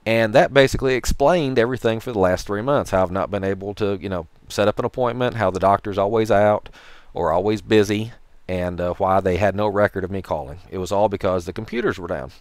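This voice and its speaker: A man with a Tennessee accent talks to the camera in a low, smooth voice. He tells his story in a rambling, dryly sarcastic way. The sound is close and dry, with no room echo. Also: fairly quick. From Tennessee, USA. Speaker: vlogger. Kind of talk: casual talk to camera.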